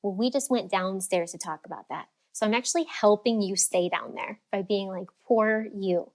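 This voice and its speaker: A woman speaking as a guest coach in a casual podcast interview, talking in a lively way and acting out the voices of people she quotes. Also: medium pitch, brisk. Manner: animated, acts out quoted voices. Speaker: freedom and fulfillment coach, guest.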